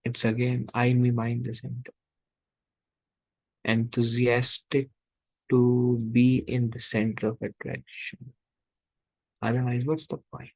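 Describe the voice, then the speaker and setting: Gravelly-voiced man teaching a scripture class. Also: medium pitch, monotone, slow, long pauses, a little mellow, dry recording, rough recording. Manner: rhetorical, acts out inner voices.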